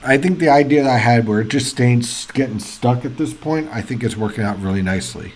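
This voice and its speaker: A man hosting live weather coverage, chatty and excitable, thinking out loud as reports come in. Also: medium pitch, fairly quick, slight background noise. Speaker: weather livestream host. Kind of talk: casual live weather commentary.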